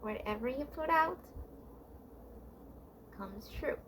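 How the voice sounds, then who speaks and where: A woman's voice: sits high, lively intonation, takes it slowly, noisy background. A woman vlogger giving heartfelt relationship advice in a casual, confiding monologue, rambling with frequent restarts and fillers.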